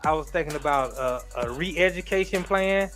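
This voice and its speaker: Easygoing high-voiced male cohost. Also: moderate pace, fairly bright tone, soft background music. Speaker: co-host. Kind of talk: casual talk-show chat.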